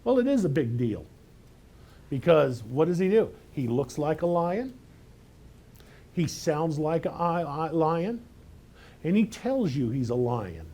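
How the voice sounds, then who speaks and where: A man's voice: fairly high pitch, very animated, slow pace, long pauses, warm tone. A man preaching a sermon as pastor, emphatic and conversational, asking his listeners rhetorical questions.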